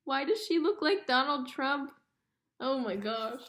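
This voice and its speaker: Woman reading a kids' novel aloud, chatty with giggly asides, high-ish voice, echoey room. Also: expressive, measured pace, a bit bright. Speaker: book reader.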